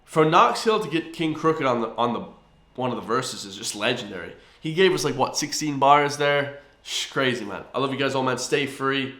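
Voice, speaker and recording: An Irish man hosts a casual music reaction, keen and chatty, forever turning to the viewers. His voice sits at an ordinary pitch. The room around him is echoey. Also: moderate pace. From Ireland. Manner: excitable, keeps addressing viewers as guys. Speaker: music reaction video host.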